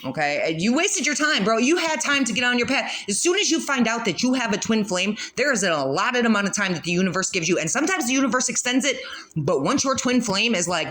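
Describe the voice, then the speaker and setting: A woman's voice: a little high, big pitch swings, a little fast, fairly bright tone. A woman doing a casual spiritual card reading, blunt and profane, laughing often as she talks. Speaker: tarot reader.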